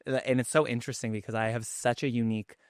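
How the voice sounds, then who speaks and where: A man's voice: mid-range voice, little pitch movement, quick pace, smooth, no room sound, clean studio sound. A man in his thirties with a New York Queens accent, a cookbook author chatting as a podcast guest in an effusive way. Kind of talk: casual podcast chat.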